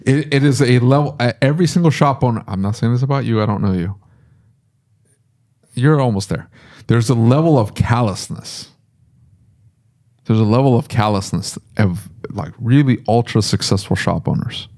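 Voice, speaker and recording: A middle-aged man, a shop owner, chatting casually on a podcast and telling rambling, animated stories. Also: mid-range voice, normal speed. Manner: rambling, animated storytelling with laughs.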